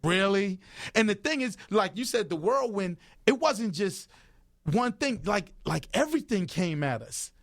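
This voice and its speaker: High-voiced emphatic man telling stories. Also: big pitch swings, moderate pace, no echo, clean studio sound. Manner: emphatic, storytelling, repeats phrases for emphasis. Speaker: interview guest, record executive. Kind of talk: animated radio interview talk. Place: radio studio. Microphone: studio microphone.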